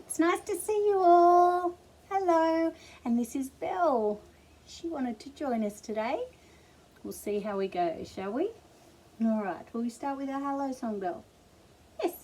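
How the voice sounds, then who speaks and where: Slow sing-song Australian librarian. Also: female voice, high-pitched, poor audio. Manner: sing-song, gentle and encouraging. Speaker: children's librarian. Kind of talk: toddler storytime reading and songs.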